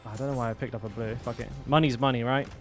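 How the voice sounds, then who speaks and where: A man's voice: mid-range voice, steady tone, rapid-fire, music in the background. A young man chatting casually while streaming a game, rambling with lots of fillers and restarts. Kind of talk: casual live-stream chat.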